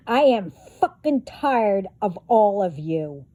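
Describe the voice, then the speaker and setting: A woman's voice: mid-range voice, very animated, slow, dark tone, dry recording. A woman vlogger delivering a profane, confrontational rant straight to her viewers. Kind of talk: angry rant to camera.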